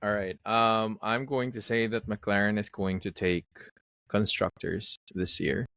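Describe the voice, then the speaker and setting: A man's voice: lowish voice, steady tone, measured pace, a bit bright, clear, resonant tone, dry recording. A man co-hosting a casual podcast chat, talking emphatically with frequent fillers. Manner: emphatic, bold predictions, many fillers. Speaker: podcast co-host.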